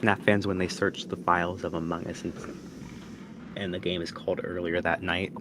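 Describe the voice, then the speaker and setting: Young male streamer host, low voice, rambling playful chatter. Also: flat delivery, normal speed, background noise. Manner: rambling, playful, mumbly aside. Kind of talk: casual gameplay chat.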